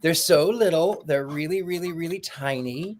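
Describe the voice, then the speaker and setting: A man's voice: a little high, normal speed, a little mellow. A man in casual podcast chat, telling stories animatedly and acting out the quotes. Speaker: podcast co-host.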